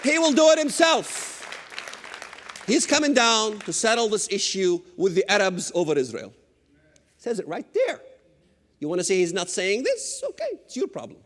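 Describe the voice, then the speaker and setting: A middle-aged man delivers a fiery sermon in a strikingly high, lively voice, with swooping pitch. He stresses his points with sudden shouts and teasing asides. His words ring out with a long hall echo. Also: moderate pace, some chatter behind. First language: Arabic. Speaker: preacher. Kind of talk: fiery sermon lecture on scripture.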